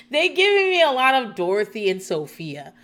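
A woman's voice: a little high, huge pitch swings, moderate pace, a bit bright. A woman hosting a casual recap show, rambling and swearing freely and laughing often as she talks. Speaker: TV recap podcast host.

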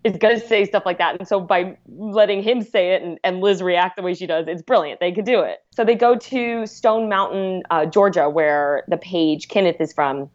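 Lower-voiced woman on a dull lo-fi mic. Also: normal speed, hardly any pauses. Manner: enthusiastic, rambling recaps. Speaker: podcast guest. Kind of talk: casual chat.

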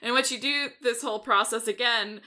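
A woman on a casual podcast panel, rambling through a silly story with giggles and quick acted-out voices. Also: on the high side, steady tone, sharp tone.

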